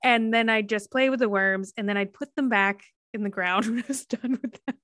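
A woman's voice: a little high, fairly quick, fairly bright tone, no room sound. Giggly woman guest, dry close sound. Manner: rambling, giggly storytelling. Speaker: podcast guest. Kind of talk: casual interview chat.

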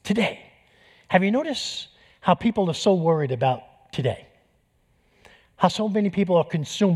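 Animated preacher in a reverberant hall. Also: male voice, a little high, slightly rough. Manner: animated storytelling, acting out dialogue. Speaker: pastor. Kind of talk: sermon.

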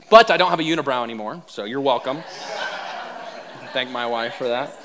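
A man preaching a sermon as pastor, telling funny self-deprecating stories with animated delivery. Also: mid-range voice, moderate pace, pauses often.

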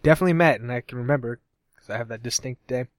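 A man's voice: medium pitch, rapid-fire, no echo. A young man from Cincinnati chats casually as a podcast co-host, rambling and restarting his sentences. His voice sits mid-range and is recorded close and dry, with no room around it. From Cincinnati, USA. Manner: rambling, self-correcting, laughs often. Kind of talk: casual chat.

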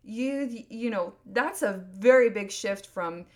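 Slow-paced and mid-range in pitch, this podcast host in her thirties delivers a casual solo monologue. She speaks earnestly but rambles, repeatedly using "like" and restarting her sentences.

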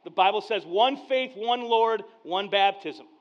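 A pastor preaching a sermon to his church, telling family stories in a casual, conversational way and acting out the dialogue, dropping to a hush and then getting loud. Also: sits high, a little slow. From Mexican heritage. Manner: conversational storyteller, acts out dialogue, swings from hushed to loud. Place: church service. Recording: dull lo-fi sound.

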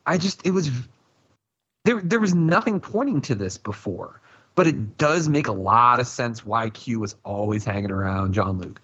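A man talks casually on a podcast panel, and his voice is husky. The sound is a bit dull and lo-fi. He rambles with animation and plays out his own reactions as he goes. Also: medium pitch, expressive, normal speed, fairly bright tone.

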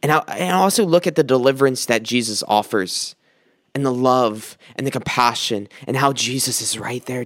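A man's voice: mid-range voice, normal speed, a bit bright, no room sound. Earnest male preacher, dry close sound. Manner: earnest, repeats words for emphasis. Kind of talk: sermon with scripture reading.

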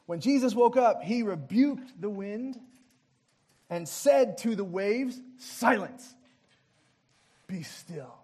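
A man with a strikingly high voice delivers a lively, interactive sermon. He jokes as he goes and cues the audience to act out the story with him. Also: takes it slowly. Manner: playful, directs the audience to act out the scene; jokey asides with light laughs. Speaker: pastor.

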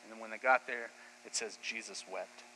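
Male pastor, sermon delivery, bright forceful tone, animated casual storytelling; echoey hall, faint hum. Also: fairly low pitch, brisk. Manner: lively storytelling retelling scripture in casual speech.

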